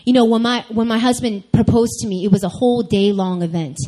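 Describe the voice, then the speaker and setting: A woman's voice: fairly high pitch, fairly quick, rough recording. A young adult woman preaching to a church group, weaving a personal story into the sermon and talking straight to her listeners. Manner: animated storyteller, addresses listeners directly. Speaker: speaker at a church group meeting.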